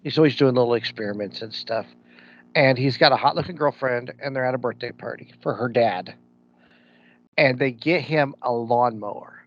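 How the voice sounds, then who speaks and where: A man with a Midwestern American accent co-hosts a podcast, talking in a casual, opinionated way at medium pitch and normal speed. He's blunt and throws in slang like "ain't." The podcast audio is dull and lo-fi.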